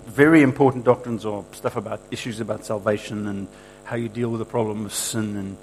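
A man's voice: on the low side, a little hiss or hum, rough recording. A man preaching a sermon, emphatic and repetitive, quoting scripture with rising force and asking the room for agreement.

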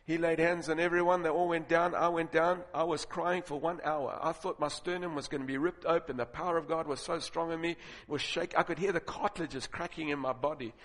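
A man's voice: a little high, steady tone, fairly quick, few pauses. Preaching man in a reverberant hall. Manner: storytelling, building to loud emphatic points. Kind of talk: sermon. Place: large auditorium with audience. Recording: long reverb of a large hall.

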